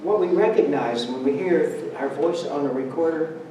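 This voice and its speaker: Speaking at a moderate pace in a mellow, slightly high voice, a man tells humorous stories in a relaxed, conversational Sunday talk at church, drawing laughs. He is far from the mic in the spacious sanctuary, and there's slight background noise.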